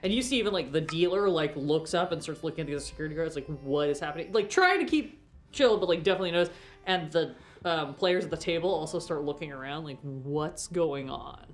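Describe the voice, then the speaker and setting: A woman's voice: low voice, lively intonation, fast talker. A woman narrating as game master in a tabletop game, chatty and full of fillers. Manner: chatty, lots of fillers, laughs often.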